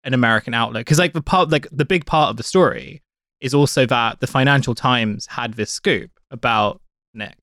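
A man's voice: mid-range voice, moderate pace, bright, forceful tone, dry recording, clean studio sound. A man chatting on a podcast, rambling with lots of "like" fillers. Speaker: podcast co-host. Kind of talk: casual podcast chat.

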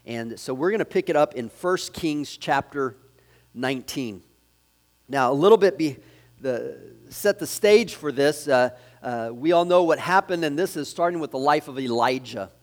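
A man's voice: a little high, expressive, moderate pace. A man preaching a sermon, fervent and emphatic, with frequent fillers and restarts. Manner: fervent, with many fillers and restarts, big swings in loudness. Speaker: pastor.

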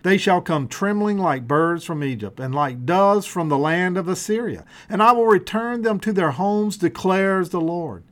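A man preaching a sermon in an earnest, emphatic way, dropping low and soft on quoted promises. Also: lively intonation, moderate pace, hardly any pauses. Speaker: pastor.

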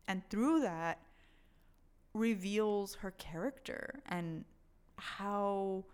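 A woman co-hosting a casual book chat, talking enthusiastically in a rambling way. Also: medium pitch.

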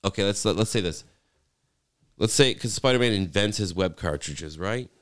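A young man chatting casually as a podcast co-host, cracking goofy deadpan jokes. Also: on the low side, moderate pace, clean tone, no echo, studio quality. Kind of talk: casual chat.

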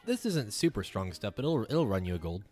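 A man voicing a tiny, cheerful, ancient male gnome shopkeeper in a high, chirpy, folksy voice. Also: very animated, brisk, a little mellow, soft background music. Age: older.

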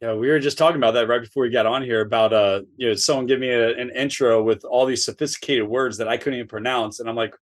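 A man's voice: medium pitch, steady tone, fast talker, few pauses. A man hosting an interview, asking long questions that he restarts and rephrases as he goes. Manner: rambling, restarts his questions. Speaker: podcast host.

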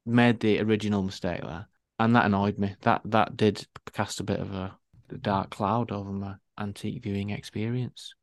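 A man, co-hosting a casual podcast and telling wry anecdotes with animated emphasis. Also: on the low side, moderate pace. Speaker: podcast co-host.

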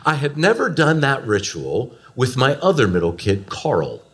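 A man in his forties preaching a sermon, telling family stories with animated, swooping emphasis. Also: medium pitch, moderate pace. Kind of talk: storytelling sermon.

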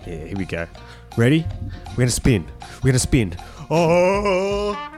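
A man's voice: fairly high pitch, wildly swooping pitch, measured pace, a little mellow, faint music behind. An Australian man co-hosting a podcast, in crude, profane casual banter full of laughter. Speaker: podcast co-host.

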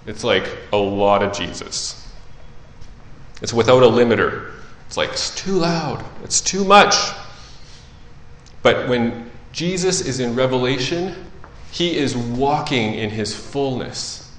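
A man preaching in a loose, conversational way, dropping almost to a murmur and then rising to emphatic, louder passages. He reads scripture aloud between his own asides. His voice sits at an ordinary middle pitch and rings in a reverberant room. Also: expressive, a little slow. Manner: conversational, swings between soft and loud. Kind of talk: sermon with scripture reading.

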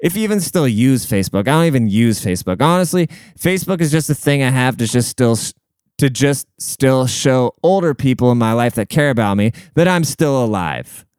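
A man's voice: medium pitch, expressive, a little fast, a little mellow, clear, resonant tone, no room sound. A man in his late twenties rambling in a casual, profane, slangy monologue.

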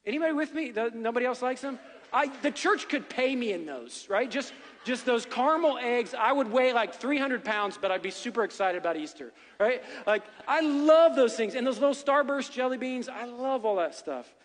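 A man's voice: very high voice, lively intonation, moderate pace, in a large hall. A middle-aged man preaching as a pastor, chatty and joking, often checking in with "right?". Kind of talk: sermon. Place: church sanctuary.

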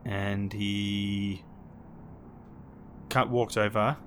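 A man's voice: on the low side, very slow, a little hiss or hum. A man narrating as game master of a tabletop game, laughing often. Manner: laughs often, lively voices for guards.

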